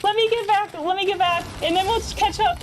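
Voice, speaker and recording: A woman streaming live who is overjoyed and breathless, laughing, shaky with excitement and repeating herself as she thanks her chat. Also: very high-pitched, a little fast, a little hiss or hum.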